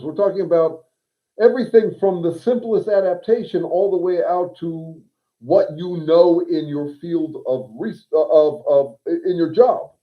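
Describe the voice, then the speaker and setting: A man with a fairly high voice talks through ideas on a livestream, circling back and restarting his sentences. His audio is thin and phone-like. He sounds wry and unscripted. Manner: digressive, thinking aloud with restarts; wry, reads viewer comments aloud. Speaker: livestream host and consultant.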